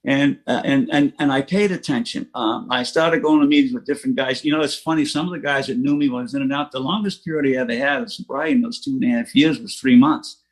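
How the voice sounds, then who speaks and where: A man's voice: medium pitch, quick pace, hardly any pauses. Plain-spoken older man telling his story. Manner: plain-spoken storytelling with frequent restarts and chuckles. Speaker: recovery meeting speaker. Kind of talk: personal recovery story at a meeting. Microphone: online meeting from home.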